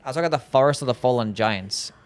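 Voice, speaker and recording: A man's voice: medium pitch, rapid-fire, clear, resonant tone. Laid-back man with a mild Australian accent. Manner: laid-back, easygoing, laughs often, loose with fillers. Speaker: game streamer. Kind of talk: casual livestream gameplay chat, reading chat aloud.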